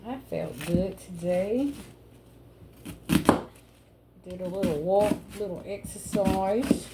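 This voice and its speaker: A woman's voice: medium pitch, slow. A woman chatting casually with her viewers in a home cooking vlog, calling them y'all and baby. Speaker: home cook vlogger. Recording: loud background noise.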